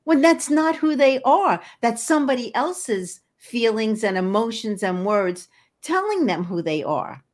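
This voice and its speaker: With a fairly high voice that swings widely in pitch, a woman talks at a measured pace as a guest in a podcast interview. She is an energy healer and hypnotherapist, and her earnest, encouraging speech is full of restarts.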